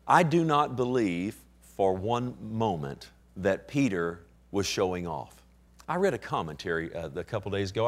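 Impassioned preacher man. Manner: impassioned preaching with sudden rises in pitch and volume; slows down and drops to a hush when quoting scripture. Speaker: pastor. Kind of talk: sermon.

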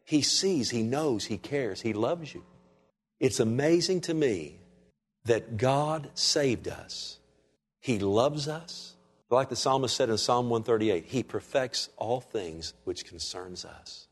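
A pastor preaches to his church in a voice of middling pitch. He calls out "Amen?" to the congregation and keeps swinging from raised, emphatic lines down to hushed, near-quiet ones. The delivery is the give-and-take of a live Sunday sermon. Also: lively intonation, takes it slowly, husky. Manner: preachy call-and-response, asks the congregation "Amen?". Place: church sanctuary.

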